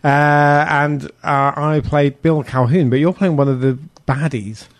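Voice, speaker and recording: A male radio presenter chats with a guest in a friendly, easygoing way, now and then laughing lightly between phrases. His voice sits at a middle pitch, and the studio sound is dry and close-miked. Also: fairly even intonation, measured pace, dry recording. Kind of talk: casual radio interview.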